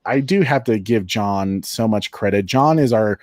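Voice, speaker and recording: A male host talks in a loose, rambling way, often laughing between thoughts. His voice sits a bit low, and the recording is dry and close with no room sound. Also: normal speed, a little mellow, dry recording. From Colorado, United States. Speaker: show host. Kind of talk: casual chat.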